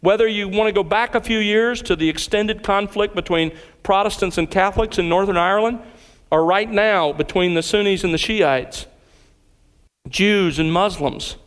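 A man preaching an expository sermon as pastor, earnest and deliberate in his phrasing. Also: high voice, a bit bright, clean tone, long reverb tail.

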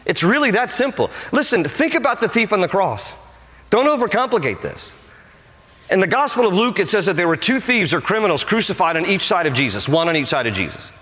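A man preaching with passion, his bright, forceful voice climbing high on repeated phrases. His words ring out with a long reverb, as in a large church hall. He pushes hard on short, punchy lines. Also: very animated, moderate pace. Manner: impassioned, rising emphatic repetitions. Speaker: pastor. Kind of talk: sermon.

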